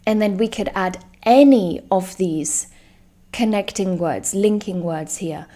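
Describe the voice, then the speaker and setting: Slow, emphatic woman teaching English. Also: mid-range voice, mellow. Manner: slow, clear and emphatic, stresses example words. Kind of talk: live online English lesson.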